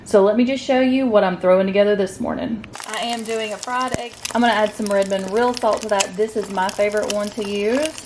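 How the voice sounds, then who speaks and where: A woman's voice: medium pitch, fairly even intonation, a little fast, hardly any pauses, noisy background. A woman, chatting casually to camera about her day and food, upbeat and addressing viewers directly. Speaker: keto vlogger. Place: at home, partly outdoors.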